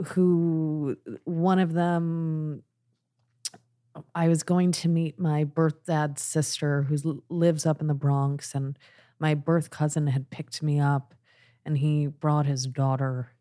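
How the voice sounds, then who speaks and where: A woman hosting a podcast in casual conversation, talking haltingly with many restarts and the odd swear word. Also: sits low, level tone, warm tone. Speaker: podcast host.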